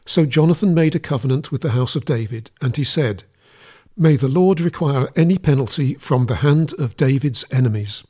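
A man giving a steady, measured scripted reading of a Bible passage. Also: mid-range voice, slightly rough. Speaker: scripture reader.

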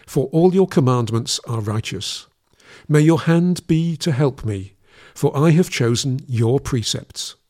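This is a man reciting scripture with measured solemnity, keeping his delivery even throughout. Whenever the Lord is addressed, his pitch falls lower.

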